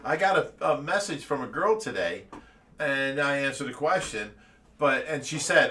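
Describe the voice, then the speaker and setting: A man hosts a fish rescue livestream in a casual, earnest way, laughing as he talks. His voice is bright and clear. He sits a little back from the microphone. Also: a little high, expressive, normal speed, recorded from a distance.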